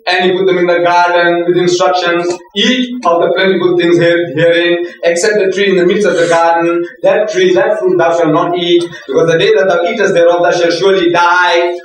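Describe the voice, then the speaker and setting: An older man gives an animated lecture, his voice sitting high for a man. He is heard from a distance in a very echoey hall, shifting into put-on voices as he tells his stories. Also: brisk. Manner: animated storytelling with laughter and put-on quotes. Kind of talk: religious lecture to students.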